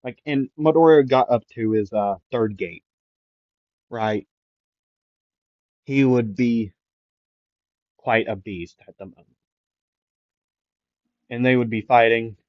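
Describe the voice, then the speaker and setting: A man making up an anime fan-fiction story out loud, rambling with lots of fillers and self-corrections. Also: medium pitch, slow pace, long pauses, dry recording. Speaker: anime YouTuber. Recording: dull lo-fi dry mic.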